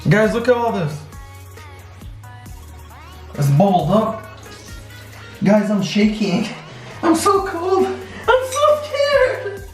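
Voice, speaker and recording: A woman vlogger talks slowly and squeals with a lively, swooping voice, laughing often and crying out that she is scared. She sits in an echoey bathroom, with faint music playing behind her. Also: mid-range voice. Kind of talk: excited casual vlog chat.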